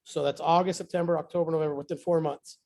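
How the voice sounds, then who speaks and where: A man sharing a success story with his team in a casual motivational talk, excitable and repeating phrases for emphasis. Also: a little high, fast talker, gravelly.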